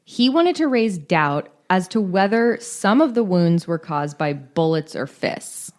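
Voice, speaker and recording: Very animated yet unhurried, this woman's voice sits on the low side. She co-hosts a podcast, reading case details in casual true-crime fashion while adding irreverent, joking asides and swearing.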